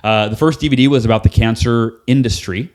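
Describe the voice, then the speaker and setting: Man, podcast guest, animated storyteller, mid-pitched voice, acts out dialogue. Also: brisk. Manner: animated, acts out quoted dialogue, casual swearing. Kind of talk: storytelling in a conversational interview.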